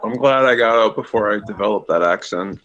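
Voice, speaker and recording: A man's voice: on the low side, brisk, fairly bright tone, muffled recording. A man from Boston with a Boston accent, chatting casually in a laid-back, dry way. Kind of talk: casual chat.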